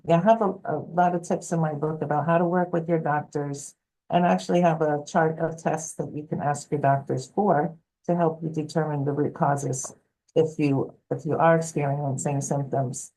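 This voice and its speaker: A woman health coach telling stories in an interview, lively and acting out what people said. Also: sits low, rough recording. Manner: animated, acts out quoted voices. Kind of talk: storytelling interview answer.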